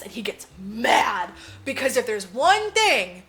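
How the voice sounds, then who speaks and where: A woman's voice: a little high, very animated, moderate pace, a bit bright. A woman co-hosting a podcast, casually recapping a movie plot, swearing freely and acting out the characters' lines. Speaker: podcast co-host.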